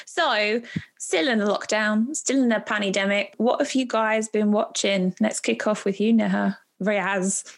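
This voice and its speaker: A woman's voice: mid-range voice, steady tone, unhurried, vocal fry. A woman hosting a casual podcast round table, chatty and enthusiastic, laughing often. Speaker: podcast host. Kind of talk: casual chat.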